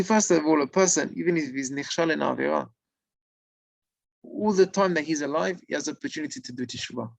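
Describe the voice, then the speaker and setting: A man telling a religious story in sermon style, animated and acting out the figures. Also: a little high, gravelly, no echo, rough recording. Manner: animated, acts out the figures, mixes in Hebrew terms.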